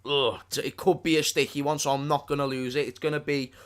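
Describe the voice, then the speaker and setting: A man's voice: fairly high pitch, flat delivery, fast talker, smooth. Laid-back man in casual chat. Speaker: stream co-host. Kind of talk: casual live-stream chat. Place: own small home studio.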